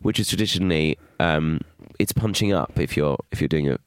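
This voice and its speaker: A middle-aged man co-hosting a comedy podcast, chatting casually in a teasing, wry way with drawn-out emphasis. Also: very deep voice, clear, resonant tone, dry recording, studio quality.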